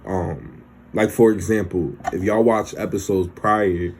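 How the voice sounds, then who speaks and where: A low, steady, unhurried male voice comes through with a little hiss or hum. He's a young recap vlogger chatting casually about a TV episode, swearing and using slang freely while acting out the characters' lines.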